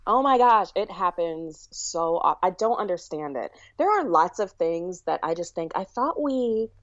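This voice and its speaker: A woman's voice: fairly low pitch, lively intonation, normal speed, dry recording. A woman author being interviewed, speaking thoughtfully and candidly and laughing easily. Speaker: author and guest. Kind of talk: casual interview chat. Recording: dull, dry lo-fi audio.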